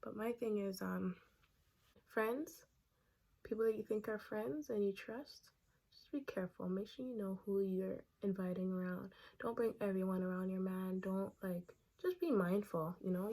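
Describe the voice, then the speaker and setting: A young woman vlogger telling a casual story time while doing her makeup, animated and chatty, acting out the quotes. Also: mid-range voice, moderate pace. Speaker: beauty vlogger.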